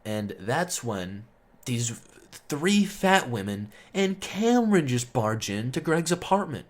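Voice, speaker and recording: A man's voice: medium pitch, sing-song, takes it slowly. A young man telling a casual storytime monologue, rambling and swearing, full of fillers, heating up when indignant. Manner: rambling, profane, heavy on fillers; gets loud and heated when indignant.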